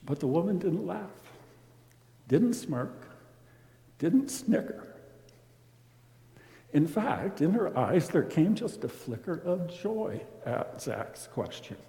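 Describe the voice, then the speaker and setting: Slow, warm male storyteller. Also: sits high, gravelly. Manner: expressive, dramatic swings in loudness. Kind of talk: rhyming storybook narration. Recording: roomy with long reverb.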